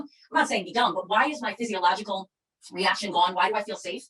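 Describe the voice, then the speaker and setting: A woman's voice: mid-range voice, a bit bright, poor audio. A middle-aged woman giving a fervent, preachy motivational speech as a leader of a sales company. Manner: fervent, preachy, rapid-fire. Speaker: MLM company leader giving a training talk.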